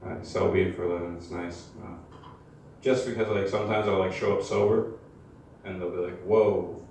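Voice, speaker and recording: A young man performing amateur stand-up in a comedy club, deadpan and hesitant, full of uhs and likes. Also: sits low, a little fast. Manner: hesitant, deadpan, filler-heavy. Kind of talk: stand-up routine. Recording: echoey live club, mic at distance, room noise.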